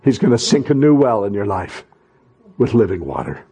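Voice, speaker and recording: A middle-aged male pastor preaching a sermon, fervent and repetitive, swelling into loud exhortation and stumbling into restarts during asides. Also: on the low side, big pitch swings, normal speed, breathy edge, low-quality recording.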